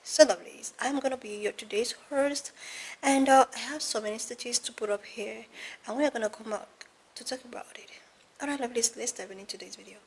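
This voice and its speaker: A woman's voice: on the high side, fast, creaky, a little hiss or hum, low-quality recording. Upbeat woman hosting a channel intro. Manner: upbeat, formal greeting. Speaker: channel host.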